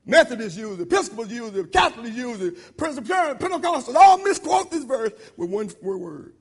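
A man preaching a sermon in an informal, repetitive style, swinging between loud shouted emphasis and low murmured asides. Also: big pitch swings, brisk, few pauses, breathy edge.

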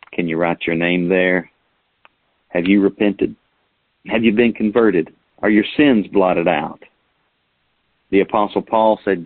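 Man, sermon, rhetorical questions, dry close sound, low voice. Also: no room sound. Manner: rhetorical questions, reads scripture aloud. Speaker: preacher. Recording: tinny phone-like sound.

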